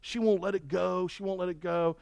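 A man's voice: high voice, fairly even intonation, fairly quick, vocal fry, a little mellow, clean tone, no room sound. A man preaching voices a defensive, self-pitying unfaithful husband complaining about his wife in a sermon story. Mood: aggrieved.

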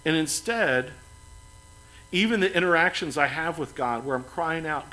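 Earnest male preacher, slightly high voice. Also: moderate pace, low-quality recording. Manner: earnest, rises to emphatic then drops soft and quiet. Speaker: pastor. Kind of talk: sermon.

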